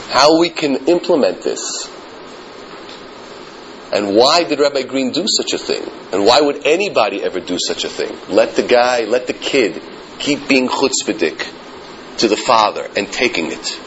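A man's voice: mid-range voice, dull audio, slight background noise. Emphatic man giving a yeshiva Torah class. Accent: American English with Yeshivish Hebrew and Yiddish terms. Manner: emphatic, storytelling, rising to animated stress.

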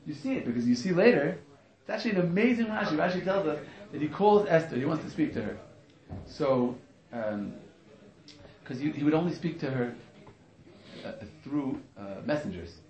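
A man teaching a lively, joking class on a religious text to students, acting out quotes with many restarts. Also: a little high, normal speed, echoey room. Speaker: Torah teacher. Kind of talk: lively informal class on the Megillah.

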